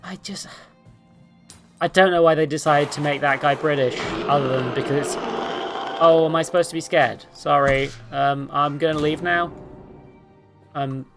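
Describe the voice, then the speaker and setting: A woman's voice: deep voice, fairly even intonation, moderate pace, pauses often, over music. A young woman streaming a horror game with sarcastic, swearing commentary and playful asides. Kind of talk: casual gameplay commentary.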